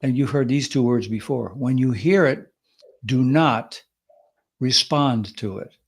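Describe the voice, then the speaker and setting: A man in mid-range pitch talks through ideas in a steady, explanatory way. He punctuates his points by acting out short quotes with sudden lift and energy. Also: unhurried, slightly rough. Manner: explanatory, lively acted quotes. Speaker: podcast co-host. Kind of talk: conversational advice talk.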